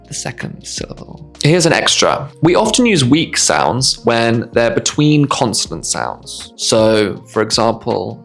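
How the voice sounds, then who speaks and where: A man giving a pronunciation lesson, slowly repeating and demonstrating sounds. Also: medium pitch, very animated, vocal fry, soft background music. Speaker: English teacher.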